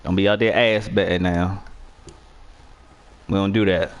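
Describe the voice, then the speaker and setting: A man's voice: deep voice, steady tone, a little slow. Young male gamer, trash-talking, profane and argumentative, heated running commentary.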